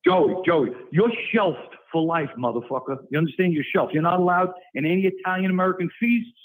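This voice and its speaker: A man's voice: high-pitched, brisk, phone-quality sound. A man from New York calling in to a comedy show, swearing angrily and stammering through insults. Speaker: caller. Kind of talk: profane insult exchange.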